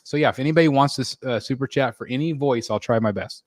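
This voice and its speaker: Man from the US, live-stream host, casual chat, relaxed with lots of ums, dry close mic, mid-pitched. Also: quick pace, no room sound. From United States. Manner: chatty, relaxed, many fillers and restarts. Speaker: livestream host reading chat. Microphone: desk microphone.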